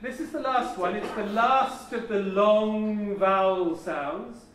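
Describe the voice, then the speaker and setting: A man leading a conference audience through an energetic voice warm-up, coaxing and theatrical, laughing often. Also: high voice, takes it slowly, noisy background. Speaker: plenary speaker leading a voice warm-up. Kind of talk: leading a group vocal exercise at a conference. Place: large conference hall. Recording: very echoey hall, mic far off.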